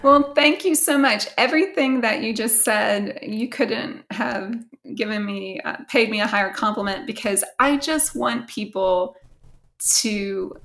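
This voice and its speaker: A woman's voice: a little high, measured pace, fairly bright tone. An American woman author chatting casually in an interview, with frequent fillers and easy laughter. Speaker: author guest.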